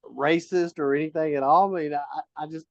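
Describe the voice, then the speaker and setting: A man's voice: fairly high pitch, fairly even intonation, brisk, gravelly, dry recording, muffled recording. A man hosting a casual political talk show, asking his guest questions and often restarting his sentences. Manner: conversational, many restarts, asks questions. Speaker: podcast host.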